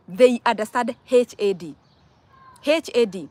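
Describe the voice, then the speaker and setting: A woman's voice: fairly high pitch, expressive, fairly quick, darkish tone. A young woman with a Kenyan accent giving casual advice to viewers, emphatic, asking rhetorical questions and repeating words. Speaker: vlogger answering viewer questions.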